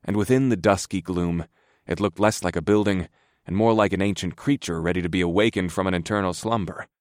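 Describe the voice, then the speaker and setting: Deep-voiced wry male audiobook narrator. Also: steady tone, fairly quick, no echo, clean studio sound. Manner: wry, grumbling, understated. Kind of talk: first-person fantasy narration.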